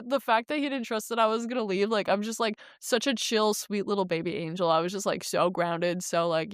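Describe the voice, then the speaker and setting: A woman's voice: mid-range voice, fairly quick, hardly any pauses, clean tone, dry recording, studio quality. A young woman vlogger telling a story in casual, rambling talk, full of "like" and swearing, acting out the quotes. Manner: rambling, heavy use of "like", frequent swearing; animated retelling with acted quotes.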